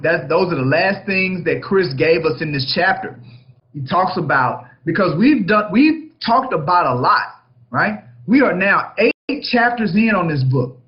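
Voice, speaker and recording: A man's voice: sits high, highs cut off. A man, a real estate broker, coaching his agents through a negotiation book chapter and checking in with "right?" after nearly every point. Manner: emphatic, keeps checking in with "right?".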